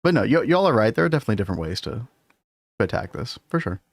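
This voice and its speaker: A man's voice: mid-range voice, big pitch swings, racing, no room sound, clean studio sound. Chatty man streaming a game. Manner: chatty, laughs often, talks to chat. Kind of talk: casual gaming livestream chat.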